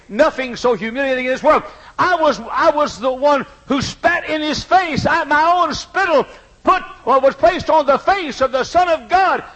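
A male preacher delivering a sermon with great passion, speaking in the first person as repentant sinners and swinging from hushed, low pleading to shouting. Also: low-quality recording.

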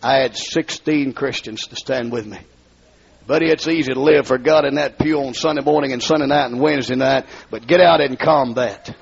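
A gravelly, husky-voiced man with a rural Southern accent tells his testimony to a hall with a balcony. His voice sits a little high and climbs into shouted revival preaching. The recording is dull and lo-fi. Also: moderate pace. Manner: swings from low storytelling to high shouted preaching. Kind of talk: fiery revival sermon.

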